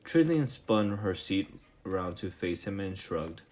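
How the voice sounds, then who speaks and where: A man narrates a novel aloud in a low voice. He reads along casually, tripping over a word now and then and starting it again. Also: lively intonation, measured pace, a little mellow. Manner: reads with small stumbles and restarts. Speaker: reader. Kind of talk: read-aloud book narration.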